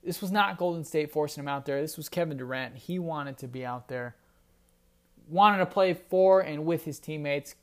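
A man's voice: a little high, moderate pace. A man hosting a solo sports podcast, talking casually and rambling with restarts. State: briefly choked up. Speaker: podcast host.

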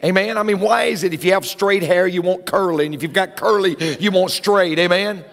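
A middle-aged man preaching a sermon, excitable, swinging between quiet asides and shouted lines. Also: sits high, fairly quick, gravelly. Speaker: pastor. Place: large church sanctuary. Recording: church hall with long reverb.

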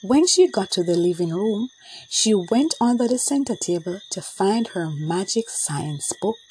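Slow, expressive woman narrating. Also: medium pitch, husky, poor audio. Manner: expressive storytelling. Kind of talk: children's audiobook narration.

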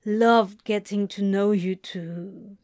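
A woman's voice: medium pitch, steady tone, takes it slowly, a little mellow, no echo, studio quality, natural voice. A woman reading fan fiction aloud, voicing a drowsy young man who mumbles sleepily. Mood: sleepy.

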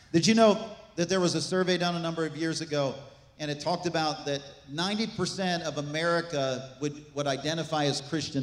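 A man preaching a sermon as pastor, animated, with asides and jokes to the congregation. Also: on the high side. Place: church sanctuary. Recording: echoey church hall.

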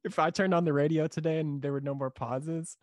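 A man's voice: fairly high pitch, fairly even intonation, a little fast. A man hosting a podcast interview in a casual, enthusiastic way, laughing easily and restarting his sentences as he talks. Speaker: podcast host.

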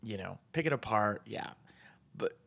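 Gravelly, husky man ranting casually. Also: lively intonation, measured pace, a bit bright. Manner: rambling, ranting, jumps high in pitch when exasperated. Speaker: podcast host. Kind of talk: casual podcast monologue.

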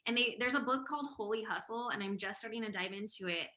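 A woman's voice: mid-range voice, quick pace, pushed and bright. A woman hosting a podcast in casual, enthusiastic conversation, talkative and passionate. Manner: enthusiastic, talkative, frequent laughs. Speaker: podcast host.

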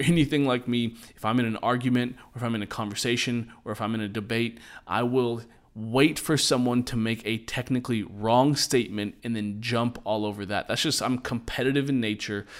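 A man in his thirties hosting a short motivational podcast, talking in an earnest, conversational way with self-deprecating asides. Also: fairly low pitch. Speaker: podcast host.

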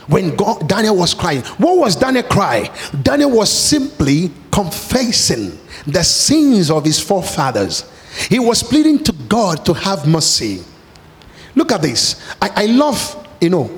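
A man preaching a sermon, speaking with passion and at times rising to shouted pleas. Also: high-pitched. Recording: long hall reverb.

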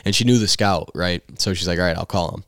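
Casting: low, gravelly man in his 20s, a chatty podcast guest who spins stories with plenty of swearing, recorded dry and close. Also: quick pace, no echo. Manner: animated, profane storytelling with lots of "like". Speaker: podcast guest, baseball player. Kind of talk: casual storytelling interview.

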